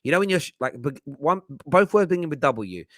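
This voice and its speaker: Speaking a little fast in a slightly high voice, this man with a London English accent runs a live-streamed football chat show. He jokes around animatedly and reads out viewer comments, captured in studio quality with no echo.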